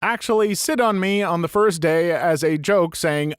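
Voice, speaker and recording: A man's voice: high-pitched, normal speed, clean tone, dry recording, studio quality. A man reading online stories aloud and adding wry, joking asides between them. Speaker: narrator.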